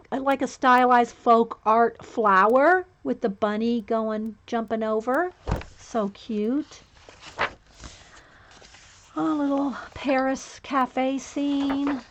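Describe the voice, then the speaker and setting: A woman hosting a casual livestream, chatting and greeting viewers by name one after another, with a slight lilt. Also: fairly high pitch. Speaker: livestream host. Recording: dull lo-fi stream audio.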